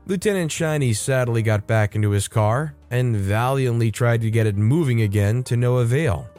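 A man reading a story aloud as a scripted narration, wry and lively, speeding up and slowing down for effect. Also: medium pitch, soft background music.

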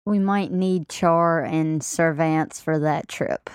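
A woman's voice: sits low, steady tone, takes it slowly, clear, resonant tone, no room sound, studio quality. A woman player in a tabletop game, talking in an eager, playful way. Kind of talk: casual tabletop game play.

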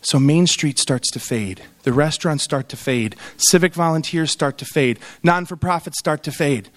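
His voice is on the high side and his pace moderate as this middle-aged man works through a humorous conference keynote. Stories come alive as he acts out everyone's quoted words.

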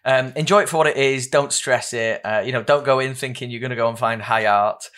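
Bright-voiced, enthusiastic man. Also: medium pitch, brisk. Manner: enthusiastic, laughs often. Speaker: podcast co-host. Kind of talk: casual film review chat.

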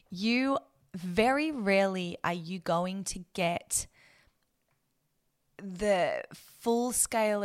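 A woman hosts a casual wedding chat, handing out firm, no-nonsense advice. Her voice sits low and carries a gravelly fry. She speaks with emphasis and swears casually now and then. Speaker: wedding planning podcast host.

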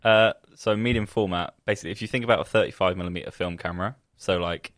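A man's voice: sits low, fairly even intonation, fast talker, a bit bright, no room sound, clean studio sound. A man, a photographer, chatting casually and explaining things hesitantly, step by step. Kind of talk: casual chat.

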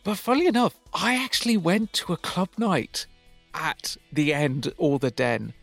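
A man's voice: on the high side, moderate pace, vocal fry, a bit bright, dry recording, faint music behind. Wry British man, dry close sound. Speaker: podcast co-host. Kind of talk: casual chat.

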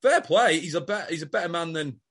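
A man with a fairly high voice and a very lively pitch, chatting casually on a podcast. He swears and quotes the characters as he picks apart the soap's storylines. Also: a little fast. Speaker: podcast co-host. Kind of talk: casual chat recapping a soap.

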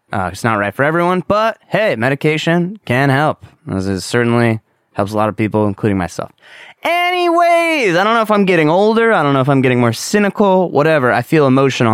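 A man's voice: medium pitch, very animated, quick pace, smooth, no echo, studio quality. A young man hosting a solo podcast, talking candidly and rambling, with casual swearing. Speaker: podcast host.

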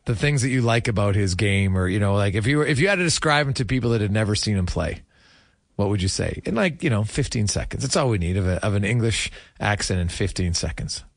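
A man's voice: on the low side, animated, fast talker, gravelly, no echo, clean studio sound. A man hosting sports radio, chatting casually about hockey and reading out listener messages.

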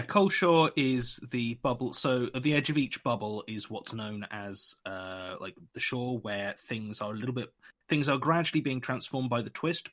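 A man's voice: lowish voice, a bit bright. A British man chatting and joking as a player in a tabletop game, rambling with many fillers. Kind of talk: casual tabletop game chat.

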